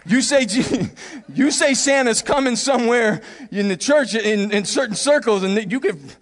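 A man preaching from the pulpit. His voice sits high and light, and he is animated, slipping into playful voices to act out little scenes and laughing along the way. A long reverb trails off the church hall around him. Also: a little slow. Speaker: pastor. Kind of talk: sermon.

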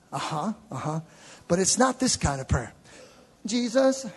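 A man preaching a sermon to a live congregation in a church, swinging from shouted peaks to low, conversational asides and joking with the listeners. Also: animated, slow, pauses often, breathy edge. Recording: long hall reverb.

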